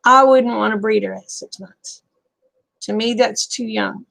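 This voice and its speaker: A middle-aged Southern woman chatting easily with her viewers in a homey, folksy drawl. Her voice sits a touch high and carries a gravelly fry. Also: steady tone, measured pace, fairly bright tone. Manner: folksy, chatty, reading and answering viewer comments. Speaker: livestream host. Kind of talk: casual chat with viewers.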